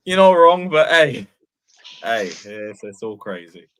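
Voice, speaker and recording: A young man hosting a casual football chat, who sounds animated, laughs easily and uses slang. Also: on the high side, takes it slowly, smooth. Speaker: host.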